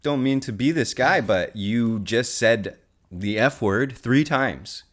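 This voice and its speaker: A man co-hosting a comedy podcast with wry, deadpan jokes. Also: mid-range voice, takes it slowly. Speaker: podcast co-host. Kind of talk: casual comedy chat.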